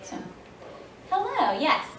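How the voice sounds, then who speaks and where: A woman in her thirties with a high voice speaks slowly over slight background noise. She's a voice actress answering fan questions at a convention panel, telling stories in a casual way, acting out the dialogue she quotes and laughing often. The audience camera recorded her from the seats, so the large panel room sounds echoey and distant.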